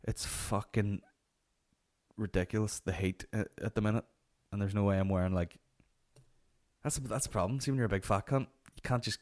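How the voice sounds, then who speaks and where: A man's voice: lowish voice, steady tone, fairly quick, darkish tone. A man hosting a comedy podcast, telling profane, rambling anecdotes. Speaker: podcast host. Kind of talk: comic storytelling.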